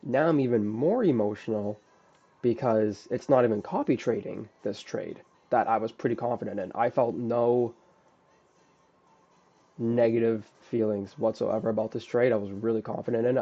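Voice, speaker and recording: A man's voice: on the low side, normal speed, gravelly, dark tone, husky, lo-fi sound. A man bluntly and profanely going over his own trade mistakes in a casual recap, restarting his sentences often. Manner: blunt, profane, self-critical, frequent restarts. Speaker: day trader.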